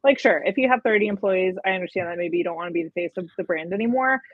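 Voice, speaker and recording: A young woman talks casually as an interview guest, her speech filled with "like" and "um". Her voice sits a little low. She comes through a thin, phone-like line that sounds very dry. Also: racing, no room sound. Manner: chatty, frequent "like" and "um". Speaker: guest, personal brand coach. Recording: tinny phone-like audio.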